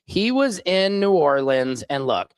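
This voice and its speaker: A man's voice: fairly high pitch, big pitch swings, a little slow, smooth, no echo. A man, a stand-up comedian hosting his own show, chatting casually on a livestream and drifting off-topic with jokey asides. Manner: rambling, digressive, jokey asides.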